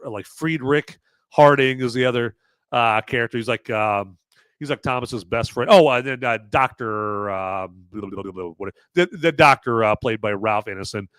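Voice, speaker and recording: A man hosting a podcast, giving a casual, rambling movie review with animated asides. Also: mid-range voice, smooth, dry recording, studio quality. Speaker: podcast host.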